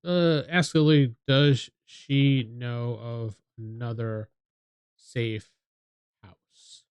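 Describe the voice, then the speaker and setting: A man's voice: medium pitch, fairly even intonation, drawn-out words, darkish tone, smooth, dry recording, dull audio. A man playing a tabletop game with a friend, thinking aloud as he works out rulings. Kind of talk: casual tabletop game play.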